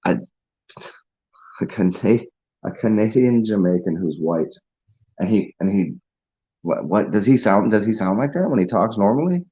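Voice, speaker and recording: A man's voice: fairly low pitch, lively intonation, moderate pace, pauses often, mellow, highs cut off. A man hosting a casual livestream, rambling, laughing and chatting with viewers over a beer. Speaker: livestream host.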